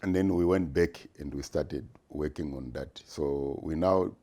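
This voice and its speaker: A man, speaking very low and slow. His tone is mellow and dark, and he answers interview questions deliberately, pausing often with "uh" as he gathers his thoughts. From Zimbabwe. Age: 60s. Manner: measured and deliberate, frequent "uh" pauses. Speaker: retired business executive, guest.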